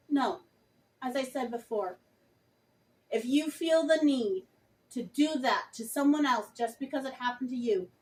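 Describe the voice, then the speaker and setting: Addressing her audience directly, a book-reviewing vlogger talks with passion and emphasis in a slightly high voice. The sound is rough and picked up from a distance.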